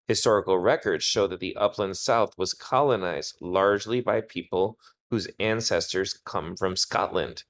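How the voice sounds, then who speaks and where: Man, very low voice, SAT tutor, step-by-step explanations, test prep walkthrough. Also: fairly bright tone. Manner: explanatory, talks through reasoning step by step.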